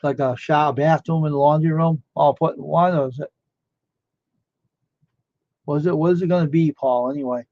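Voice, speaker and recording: A man's voice: a little high, fairly even intonation, normal speed, pauses often, a little mellow, no room sound. A man chatting casually on a live stream, rambling and amazed, firing off one question after another. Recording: dull lo-fi dry sound.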